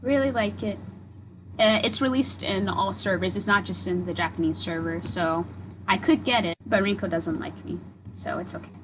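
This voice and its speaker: Young woman, podcast co-host, gushing, rambling, lots of fillers, mid pitch, faint hiss. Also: normal speed. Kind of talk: casual chat.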